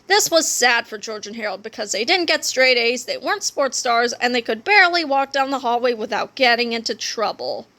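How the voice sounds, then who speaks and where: Female reader for a children's book read-aloud; playful with asides, high and bright. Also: animated, brisk, hardly any pauses. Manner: playful, adds joking asides.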